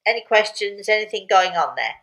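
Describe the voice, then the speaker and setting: A woman's voice: medium pitch, animated, brisk, a bit bright, low-quality recording. An older woman hosting a casual live chat, upbeat and rambling, laughing often and fighting a lingering cough. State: intermittent cough. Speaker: host.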